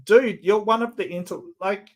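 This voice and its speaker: A man's voice: high voice, normal speed. Sarcastic man hosting a commentary stream. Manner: animated, sarcastic, laughing asides. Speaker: host reviewing a debate. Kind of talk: casual commentary.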